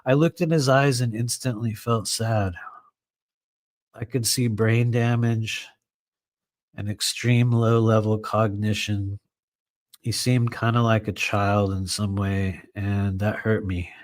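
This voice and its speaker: A man's voice: lowish voice, fairly even intonation, takes it slowly, no echo. A man reading his own book aloud in a live session, breaking off for conversational, digressive asides full of "you know.".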